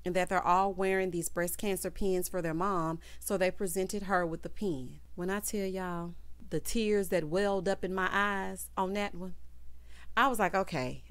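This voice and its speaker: A woman's voice: mid-range voice, fairly bright tone, clean tone, no echo. A woman giving a sassy, casual recap of a reality show, talking straight to her viewers. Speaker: TV recap reviewer.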